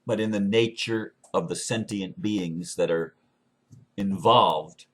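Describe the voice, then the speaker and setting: A man with a very low voice holds forth in an earnest, unscripted monologue. He often stumbles and restarts his phrases as he talks. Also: fairly bright tone. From United States. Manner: earnest, halting, with frequent restarts. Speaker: speaker sharing beliefs.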